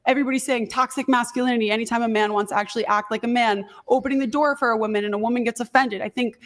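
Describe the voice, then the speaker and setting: A woman's voice: a little high, steady tone, rapid-fire. A woman arguing earnestly in a debate, pressing on through interruptions. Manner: earnest, insistent, keeps talking over interruptions.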